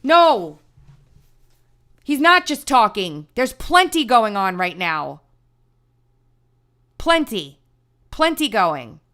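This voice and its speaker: A woman's voice: a little high, big pitch swings, very slow, long pauses, bright, forceful tone. A woman hosting a news commentary livestream, talking emphatically in a ranting way with frequent restarts. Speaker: political commentary host.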